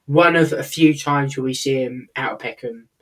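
A man's voice: mid-range voice, moderate pace, fairly bright tone. A man co-hosting a podcast, chatting casually and agreeably, reflecting on scenes. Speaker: podcast co-host. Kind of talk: casual chat.

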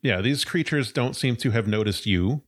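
A man's voice: mid-range voice, lively intonation, normal speed. A man narrating as game master of a tabletop role-playing game, describing scenes in a loose, searching way with plenty of fillers.

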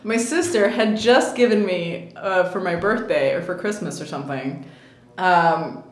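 This actress guest, also in her thirties, chats through her stories with plenty of laughter and filler words during a relaxed interview. She speaks at a measured pace in a lowish voice, and the recording has an echoey room sound.

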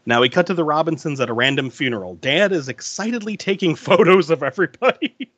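A man's voice: fairly high pitch, quick pace, dry recording, highs cut off. A man co-hosting a podcast, recapping a film scene by scene in casual chat and laughing often. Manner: laughs often, lively storytelling with restarts.

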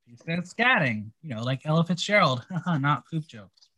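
A man co-hosting a podcast, chatting casually and reading out answers with wry, quick reactions. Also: fairly high pitch, very animated, pushed and bright, no echo. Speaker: podcast co-host. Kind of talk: casual recap chat.

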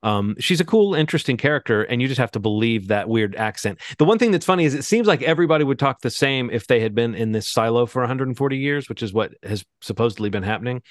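A man's voice: mid-range voice, fast talker, hardly any pauses, dry recording, studio quality. A man co-hosting a podcast, chatting casually and telling stories full of asides. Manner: chatty, animated storytelling with asides. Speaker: podcast co-host. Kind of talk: casual chat.

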